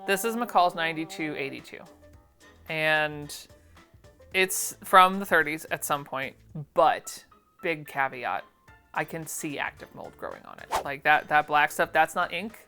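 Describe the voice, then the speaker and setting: A woman's voice: deep voice, normal speed, pushed and bright, faint music behind. A woman chatting casually through an unboxing, gushing and often trailing off mid-phrase. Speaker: vintage sewing pattern collector.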